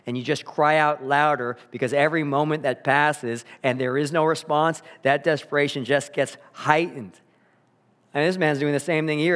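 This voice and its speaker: A man preaching a sermon, earnest and emphatic, slowing down to repeat key phrases, in a church sanctuary. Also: mid-range voice, a bit bright. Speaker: pastor. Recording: long hall reverb.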